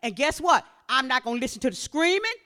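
A woman preaching, swinging from quiet talk to shouted exhortation. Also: sing-song, fast talker. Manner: impassioned, rising to shouts then dropping low.

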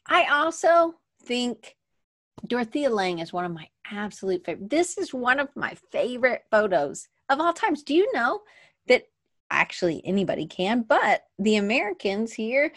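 A woman's voice: fairly high pitch, very animated, normal speed, no echo, clean studio sound. A woman hosting a casual livestream from her desk, rambling and chatty, often restarting her sentences. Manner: moves around at her desk. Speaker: podcast host. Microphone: webcam at desk.

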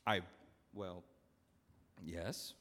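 A man's voice: low voice, steady tone, extremely slow, sharp tone, full character voice. A man voicing a humble, flustered farmer who stammers, heard in a long church reverb. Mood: hesitant.

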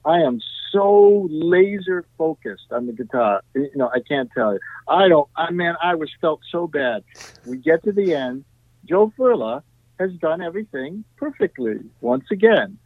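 Guy telling stories in an interview, kinda high voice, tinny dry phone sound. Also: normal speed, dry recording. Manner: animated, tag questions, frequent "you know". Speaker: guest musician. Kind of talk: storytelling in a podcast interview.

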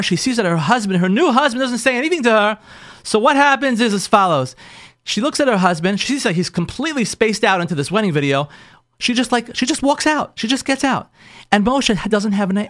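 A man's voice: high-pitched, dry recording, studio quality. A man, a rabbi and marriage counselor, telling a story to an audience and acting out the lines of the people in it, often restarting words. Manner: animated, acts out the couple's lines in quoted voices.

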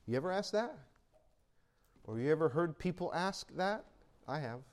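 Man preaching a sermon, somewhat high voice. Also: lively intonation, moderate pace. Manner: conversational preaching, rising to emphatic peaks. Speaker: pastor.

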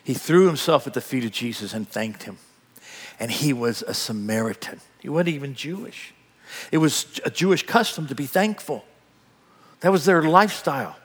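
A man preaching a sermon in a dramatic, animated way, acting out the scene as he goes. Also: medium pitch, normal speed, husky, big-room sound. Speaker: pastor.

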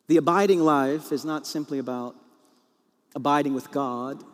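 A pastor in his forties, with a fairly high voice and a normal pace, preaches a sermon. He tells a funny story about his marriage and acts out the voices of the people in it. The recording has a long reverb from a large hall.

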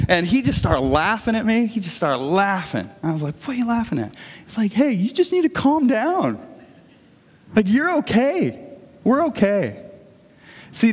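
A male pastor preaching a sermon in a church, talking in an earnest, conversational way as he tells stories. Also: fairly high pitch. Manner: earnest, conversational storytelling with frequent restarts. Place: church sanctuary. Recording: long reverb of a church hall.

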